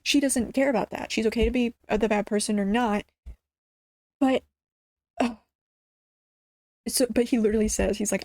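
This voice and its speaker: A woman recapping a drama in a casual, excitable rant, rambling with lots of fillers and restarts. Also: fairly high pitch, normal speed, long pauses, no echo. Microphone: studio mic.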